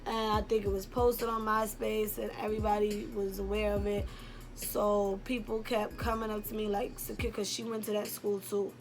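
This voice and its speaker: A woman's voice: medium pitch, little pitch movement, normal speed, faint music behind. A young woman from Brooklyn tells a personal story in a casual, rambling way, full of "like" and "um". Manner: candid and rambling, heavy on "like" and "um". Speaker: YouTuber telling a personal story.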